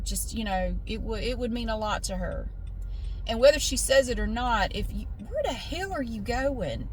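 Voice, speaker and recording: A woman's voice: fairly high pitch, low-quality recording. A woman chatting frankly and casually from inside a car, swearing now and then. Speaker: vlogger. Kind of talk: casual chat while driving. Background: faint car and road noise.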